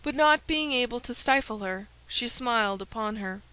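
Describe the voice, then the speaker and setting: A woman reading a classic novel aloud as an audiobook narrator, in a clear and measured way. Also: a little high, bright, forceful tone, rough recording. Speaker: audiobook reader. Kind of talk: scripted narration.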